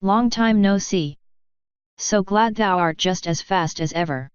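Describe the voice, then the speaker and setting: Lady doing a dry grumpy guy in a storybook reading, smooth voice, dull dry recording. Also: high-pitched, unhurried, no echo. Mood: exasperated. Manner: dry, exasperated. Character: sardonic, grumbling human man in disguise.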